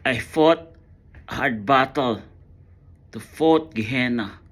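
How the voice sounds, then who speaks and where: Man, mid-pitched, slow halting delivery, earnest emotional monologue with repeated words. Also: fairly bright tone. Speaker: storyteller.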